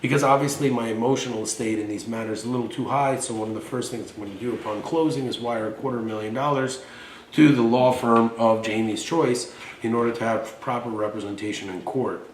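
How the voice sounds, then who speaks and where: A man's voice: medium pitch, fairly even intonation, brisk, roomy sound, far from the mic, slight background noise, rough recording. A man in his forties, from Russia, hosting a show and talking in a blunt, boastful, profane way. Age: 40s. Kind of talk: casual monologue and storytelling.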